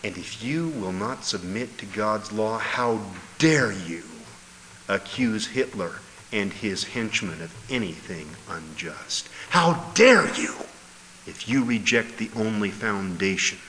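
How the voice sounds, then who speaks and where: A man preaches a sermon in an unhurried, emphatic style, sinking his voice low before breaking into loud exclamations. The recording carries hall reverb and faint noise.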